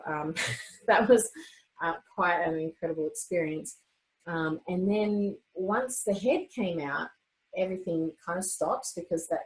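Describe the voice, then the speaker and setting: A young woman with a slightly low voice tells her story in a relaxed, personal vlog style. She talks chattily, with plenty of "um"s, "like"s and quick restarts. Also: low-quality recording. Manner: chatty, with frequent fillers and restarts. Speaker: vlogger sharing her birth story. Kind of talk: casual personal storytelling to camera.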